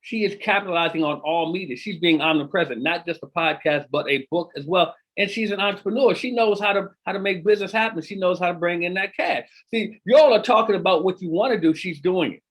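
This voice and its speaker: Host, male, husky slightly high voice, excitable, repeats lines for emphasis. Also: brisk, few pauses. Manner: energetic, repeats himself for emphasis, hypes the guest. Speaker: podcast host. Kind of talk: casual interview chat.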